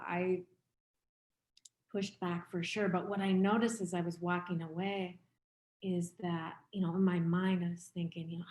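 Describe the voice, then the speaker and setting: A woman in her fifties gives a dharma talk in a candid, reflective, conversational way. Her voice sits a little low, and the recording carries a roomy echo around her. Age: 50s. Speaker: meditation teacher.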